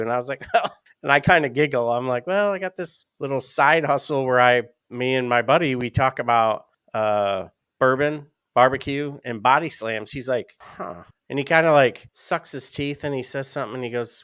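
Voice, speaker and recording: A man co-hosting a podcast, telling a story in a casual, animated way, laughing often. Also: medium pitch, fairly quick, clear, resonant tone, no echo. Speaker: podcast co-host. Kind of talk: casual chat.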